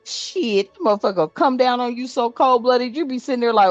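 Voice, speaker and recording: A woman's voice: a little high, normal speed, hardly any pauses, no room sound, muffled recording, soft background music. A woman giving a casual spiritual card reading, blunt and profane, laughing often as she talks.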